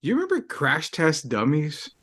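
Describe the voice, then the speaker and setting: Man, podcast co-host, casual chat, lively pitch, joking, dry sound. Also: moderate pace, no room sound. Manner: animated, joking, swears casually.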